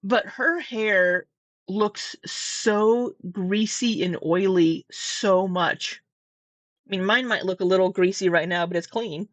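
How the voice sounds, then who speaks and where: A Midwestern-accented commentary vlogger from Southwest Missouri, USA, talks slowly in a mid-range voice as she rambles casually through reactions, cursing and restarting her thoughts. She sits at her desk in a room at home. Her camera mic is up close and captures no room sound.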